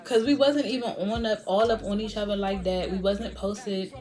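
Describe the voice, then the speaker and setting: A young woman tells a personal story to her vlog audience in a lively, chatty way. She laughs often and acts out other people's lines as she goes. Faint music plays quietly underneath her voice. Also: medium pitch, moderate pace. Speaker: beauty vlogger.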